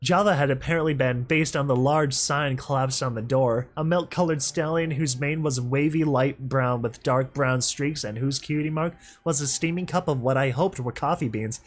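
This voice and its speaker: A young man reading a story aloud and breaking off for excitable, laughing commentary. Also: mid-range voice, moderate pace, few pauses. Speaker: reader and commentator.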